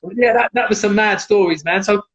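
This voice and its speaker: Man, high-pitched, animated storyteller, dull lo-fi livestream audio. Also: fairly quick. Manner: animated, acts out quotes in raised voice. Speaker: guest, former MMA fighter. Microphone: video call.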